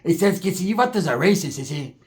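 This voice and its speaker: A man tells a comedic story in slangy street talk, animatedly acting out the voices of the people in it. His voice is high-pitched and fast.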